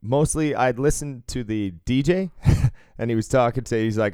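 A man's voice: mid-range voice, moderate pace, hardly any pauses, darkish tone, clear, resonant tone, dry recording. A man from the Northeastern US telling a rambling, profane road-trip story in casual podcast chat. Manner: rambling, profane, laughs through stories.

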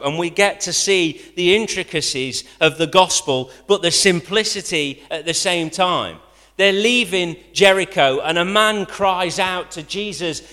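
A man preaching a sermon, lively, rising to loud quotations and dropping to quiet asides. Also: fairly high pitch. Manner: animated, rising to near-shouts when quoting, dropping to quiet asides. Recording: long hall reverb.

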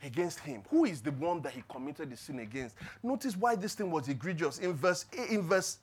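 A man preaching a sermon in church, asking rhetorical questions and building to loud emphatic peaks before dropping low. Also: lively intonation, fairly quick, hardly any pauses, husky. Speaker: pastor.

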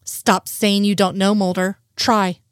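Casual: woman reading as a sharp rattled lady agent, pushy, dry voice. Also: medium pitch, flat delivery, unhurried, clear, resonant tone, no echo, natural voice. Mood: insistent. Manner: insistent, pressing questions. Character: sharp, flustered adult female FBI agent.

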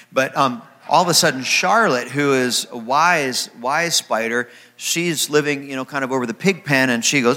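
A man's voice: medium pitch, bright, forceful tone. A man preaching a sermon to his congregation, telling stories with jokes and acting out the characters. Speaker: pastor. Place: church.

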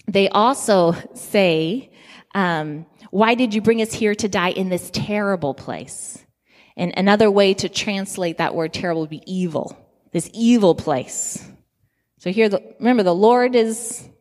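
A woman giving a measured Bible lesson, explaining the text and answering her own questions as she goes. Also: medium pitch, long reverb tail. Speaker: Bible teacher.

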